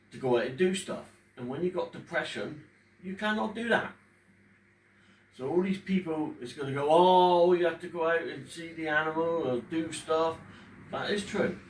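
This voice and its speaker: Slow, halting man in his fifties. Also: mid-range voice. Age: 50s. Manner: halting, emotional, pausing often. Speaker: vlogger talking about his depression. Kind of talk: unscripted personal talk to camera. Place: room at home in front of a fish tank. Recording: echoey room, distant mic, faint background hum.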